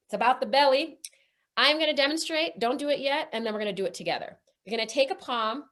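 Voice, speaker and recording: A woman's voice: on the high side, a bit bright. Woman coaching breathwork, counting aloud. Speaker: breathwork instructor. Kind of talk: guided breathwork webinar. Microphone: video call.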